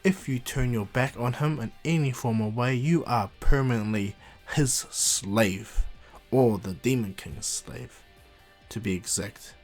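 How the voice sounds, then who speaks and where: A man's voice: mid-range voice, unhurried, darkish tone, faint music behind. A man casually retelling an anime crossover fan story, rambling and correcting himself as he goes.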